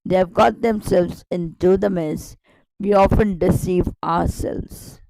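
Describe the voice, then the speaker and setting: A woman's voice: on the low side, steady tone, slow, vocal fry, mellow, no echo, rough recording. A woman teaching a grammar lesson online, explaining step by step with repetition and rhetorical questions.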